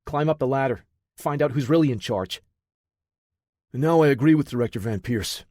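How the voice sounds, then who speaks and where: A man voicing a level-headed male military operative who speaks calmly and firmly. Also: medium pitch, moderate pace, dry recording, clean studio sound, voice pushed up, natural voice.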